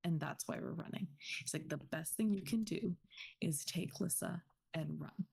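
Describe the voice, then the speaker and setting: A woman co-hosting a book podcast, retelling scenes bluntly with swearing and a fast, excited delivery. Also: on the low side, vocal fry, slightly rough. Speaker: podcast co-host. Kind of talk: casual book recap chat.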